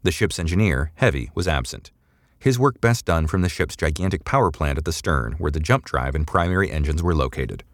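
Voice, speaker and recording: Deep-voiced male narrator for a sci-fi audiobook, measured and dramatic, dry close mic. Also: lively intonation, no room sound. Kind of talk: scripted narration.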